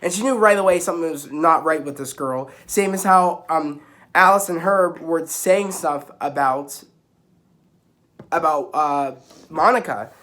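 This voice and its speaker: A man's voice: a little high, measured pace. Rambling young man recapping an episode. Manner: rambling, excited, many restarts and fillers. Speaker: YouTuber reviewing a TV episode. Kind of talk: casual spoiler recap to camera. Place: at home with kittens around.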